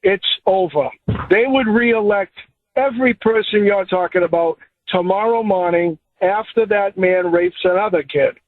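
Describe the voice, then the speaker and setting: A man's voice: high-pitched, normal speed, dry recording. A man calling in to a radio show, giving blunt, urgent warnings. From Boston area. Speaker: caller. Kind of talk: radio call-in. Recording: phone line.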